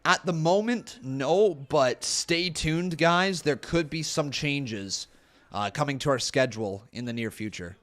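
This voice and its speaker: A man with a higher-pitched voice hosts a live watch-along stream at a measured pace. He chats casually and tells excitable, animated stories packed with exclamations.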